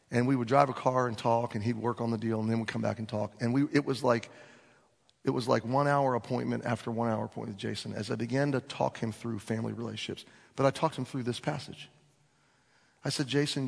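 Gravelly male preacher in a hall. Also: mid-range voice. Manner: animated storyteller acting out dialogue. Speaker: pastor. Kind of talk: sermon storytelling. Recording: long reverb of a large hall.

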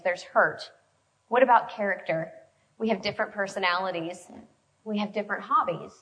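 Bright, lively woman preaching. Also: mid-range voice, poor audio. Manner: conversational and storytelling, quick shifts in loudness. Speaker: preacher speaking to a women's group. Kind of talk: sermon.

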